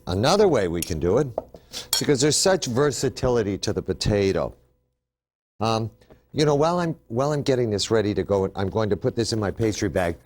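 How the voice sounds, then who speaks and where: A man's voice: on the low side, animated, fairly quick, a little mellow, slight background noise. A man hosting a TV cooking demonstration, upbeat and chatty, explaining each step as he works. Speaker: cooking show host.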